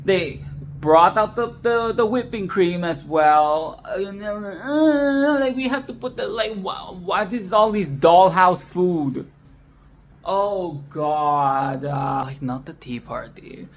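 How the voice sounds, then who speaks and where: Woman, casual film rant, sarcastic, swearing, lowish voice, unhurried. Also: slight background noise. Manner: profane, exasperated, sarcastic. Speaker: film commentary video host.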